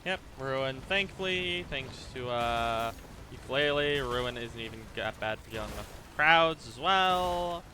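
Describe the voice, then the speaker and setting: Male streamer, mid-pitched and bright, muttering and cursing as he plays. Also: lively intonation, unhurried, a little hiss or hum. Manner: thinks aloud, stammers and repeats himself, swears when frustrated. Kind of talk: live gaming commentary.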